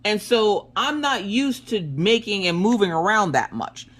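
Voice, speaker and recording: A woman in her thirties chatting casually while she works on a craft project, telling family stories in an animated way. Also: mid-range voice, a little slow. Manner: animated storyteller, acts out family quotes. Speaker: crafting vlogger. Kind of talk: casual chat while diamond painting.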